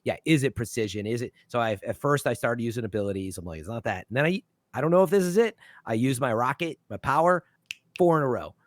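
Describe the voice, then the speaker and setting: A man hosting a relaxed podcast conversation, rambling and restarting his sentences as he goes. His pitch moves around a lot, and his voice sounds dry and close to the mic. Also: fast talker, dry recording. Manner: rambling, with frequent restarts and fillers. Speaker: podcast host. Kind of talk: casual chat.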